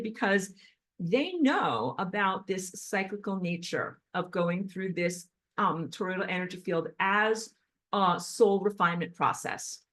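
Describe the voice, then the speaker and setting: A woman's voice: medium pitch, animated, moderate pace, a bit bright. Emphatic, agitated woman lecturing on spirituality. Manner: walking on a treadmill while talking. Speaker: spiritual teacher.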